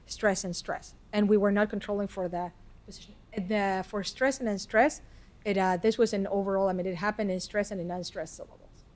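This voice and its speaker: A woman lecturer in a hall, fielding questions at a middling pitch. She feels her way through each answer, restarting sentences and leaning on "I mean." Her delivery is careful and academic. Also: steady tone, a little fast, darkish tone. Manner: hesitant, many restarts and "I mean" fillers.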